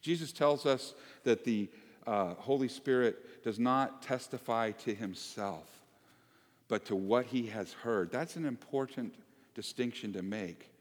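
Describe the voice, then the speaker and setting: A man preaching a sermon to his congregation, conversational and animated, joking with the people in the pews. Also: mid-range voice, measured pace. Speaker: pastor. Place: church sanctuary. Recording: long hall reverb.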